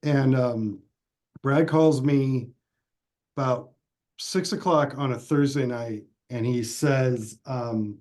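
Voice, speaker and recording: A filmmaker being interviewed, telling stories in a casual, animated way with frequent restarts. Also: male voice, medium pitch, slow pace. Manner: animated storyteller, restarts often, acts out quotes. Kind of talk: casual interview over video call.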